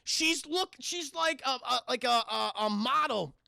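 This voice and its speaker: A man's voice: very high voice, animated, a little slow, creaky, pushed and bright, dry recording, studio quality, exaggerated voice. A man voicing an insistent, exasperated twelve-year-old boy while retelling a film.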